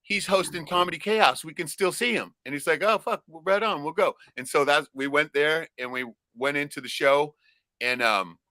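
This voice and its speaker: Male podcast co-host from Alaska, bright higher voice, profane rambling tales. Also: moderate pace, no echo. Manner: profane, rambling storyteller with loud acted-out shouts. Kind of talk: casual podcast chat.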